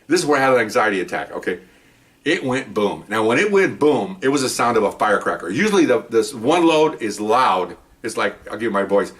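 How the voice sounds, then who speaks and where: A middle-aged man telling rambling stories in a casual, animated way, acting out the people he quotes. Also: lowish voice, a little fast, far from the mic. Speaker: podcast host telling police stories. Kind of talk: casual storytelling.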